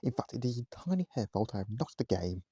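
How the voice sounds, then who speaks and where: A man's voice: mid-range voice, very animated, fast talker, dark tone, breathy edge, no room sound. A man voicing a snooty, rude male golfer in a storybook reading, haughty and boastful.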